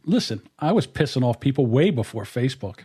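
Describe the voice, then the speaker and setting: A man's voice: mid-range voice, big pitch swings, a little fast, warm tone, slightly rough. A man hosting a podcast in casual chat, a blunt, rambling storyteller talking into a studio mic. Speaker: podcast host. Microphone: dynamic studio mic.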